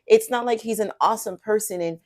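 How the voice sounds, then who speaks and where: A woman's voice: mid-range voice, a little fast, darkish tone. A woman co-host giving earnest faith-based commentary, speaking straight to the audience in a teaching tone.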